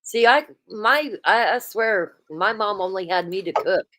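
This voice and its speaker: A woman's voice: medium pitch, a little slow, a bit bright. A woman hosting a casual livestream, chatting and reading viewer comments aloud. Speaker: livestream host.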